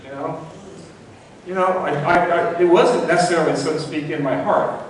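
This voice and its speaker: A man preaching to a congregation in a relaxed, conversational way, full of asides and questions. He is recorded from a distance in a church sanctuary, so his voice rings with a long, roomy reverb. A faint hum of the room sits behind him. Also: normal speed. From Florida. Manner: conversational, rises in pitch when acting out voices in a story. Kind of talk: sermon. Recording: echoey church hall from far off.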